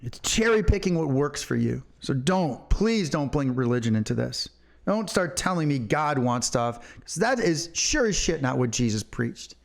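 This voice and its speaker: A man's voice: medium pitch, sing-song, normal speed, gravelly. A middle-aged man and podcast co-host, talking in a fiery, profane and emphatic way. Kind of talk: impassioned opinion talk.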